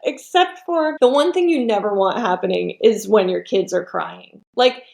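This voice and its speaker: A woman hosting a casual podcast chat, relaxed and empathetic, asking questions. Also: mid-range voice, moderate pace, vocal fry. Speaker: podcast host.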